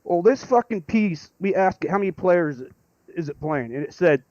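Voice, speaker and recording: A man calling in to tell a rambling story, excitable and swearing freely. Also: sits high, normal speed, no room sound, highs cut off. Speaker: caller. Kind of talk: casual storytelling.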